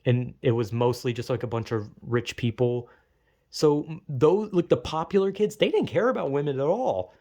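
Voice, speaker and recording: A man's voice: medium pitch, expressive, moderate pace, warm tone. A young man telling a rambling, profane, self-mocking comedic story.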